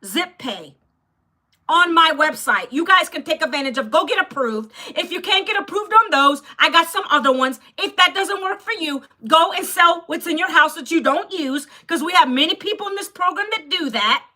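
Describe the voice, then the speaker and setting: Loud, blunt woman in her 50s. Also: extremely high pitch, lively intonation, moderate pace. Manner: loud and blunt, close to yelling; scolds chat viewers directly. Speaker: livestream host selling an online program. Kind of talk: live-stream sales talk to chat.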